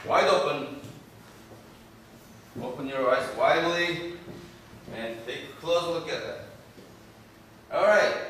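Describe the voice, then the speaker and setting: A male university professor gives a classroom lecture, speaking in short halting phrases and often checking in with "okay?". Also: fairly high pitch, fairly bright tone, a little hiss or hum. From South Korea. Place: lecture room. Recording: echoey room from far off.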